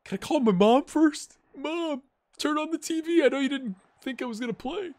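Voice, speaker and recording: Man doing a starstruck young goalkeeper lad, high squeaky voice, loud, breathless, over-excited. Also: normal speed. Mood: giddy. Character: giddy young male backup goalkeeper, starstruck.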